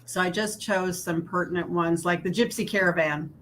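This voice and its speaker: Low-voiced chatty woman podcast host. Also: steady tone, normal speed, a little hiss or hum. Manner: chatty, laughing, presents slides. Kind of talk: casual fan chat.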